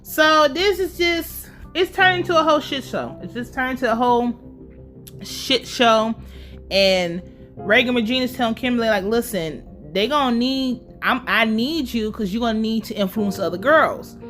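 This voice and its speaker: A woman's voice: on the high side, moderate pace, faint music behind. Sassy, cursing woman recapping a show. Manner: sassy, animated, swears freely, mock outrage. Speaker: TV recap reviewer. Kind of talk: casual, profane episode recap.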